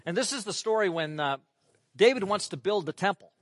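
Man, pastor, earnest animated sermon, high voice, dry close sound. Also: fairly quick, no room sound. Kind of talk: sermon with scripture reading.

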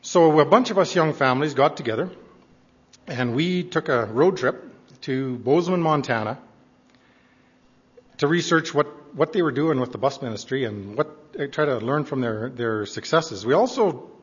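An older man with a husky voice tells fond, earnest stories to his congregation. His voice rings out with a long echo in a church hall. The recording sounds dull and lo-fi. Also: mid-range voice, expressive, moderate pace. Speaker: church member addressing congregation. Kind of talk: reminiscing speech to a congregation.

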